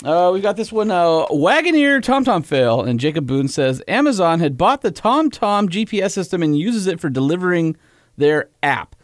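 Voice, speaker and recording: Animated male podcast co-host, slightly higher voice, dry close sound. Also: moderate pace, no echo. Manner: animated, laughs often, reads messages aloud. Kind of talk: casual chat reading listener mail.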